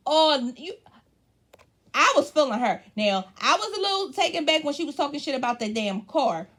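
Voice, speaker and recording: Woman, slightly high voice, blunt and cussing, casual recap chat. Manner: blunt, profane, animated storytelling. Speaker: reality TV recap host.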